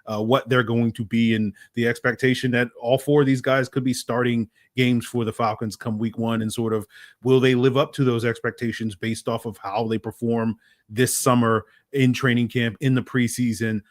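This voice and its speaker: A man co-hosting a sports talk podcast, who talks in a measured, thoughtful way with some fillers. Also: medium pitch, level tone, no room sound, studio quality. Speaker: podcast co-host.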